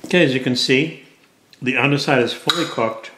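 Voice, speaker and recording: A man's voice: mid-range voice, normal speed, background noise. A man, a cooking show chef, giving casual commentary as he tastes a dish and talks while eating. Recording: roomy kitchen echo, faint clatter.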